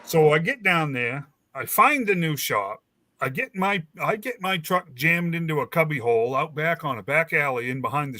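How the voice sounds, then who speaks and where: A man's voice: medium pitch, dry recording. A man hosting a casual chat, telling a rambling story and acting out the dialogue. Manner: rambling, animated, acts out quoted dialogue. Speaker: host.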